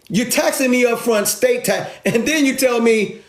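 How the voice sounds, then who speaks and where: A man's voice: very high voice, fairly even intonation, fairly quick. A man giving an emphatic, sarcastic, street-casual money rant with lots of repetition, recorded in an echoey room. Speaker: finance video host. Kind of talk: animated explainer rant.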